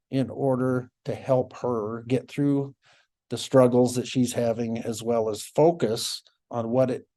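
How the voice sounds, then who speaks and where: Middle-aged male speaker, mellow, mid-pitched voice, reflective storyteller at a conference. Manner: reflective, with frequent soft laughs and restarts. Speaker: former child welfare caseworker, symposium speaker.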